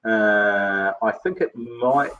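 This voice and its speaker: Male webinar host, low voice, loose rambling delivery, muffled lo-fi stream audio. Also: slow. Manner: rambling, many filler words. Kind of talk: casual webinar chat.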